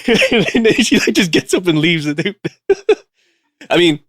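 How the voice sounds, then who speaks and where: A man co-hosting a podcast, telling stories in casual chat, animated, laughing often and swearing freely. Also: high voice, slow pace, no echo, clean studio sound. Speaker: podcast co-host.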